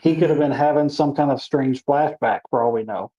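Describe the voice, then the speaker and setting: A woman's voice: extremely low pitch, fairly quick, mellow. A woman, co-hosting a podcast in a laid-back, speculative way. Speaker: podcast co-host. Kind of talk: casual chat. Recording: roomy, dull lo-fi sound.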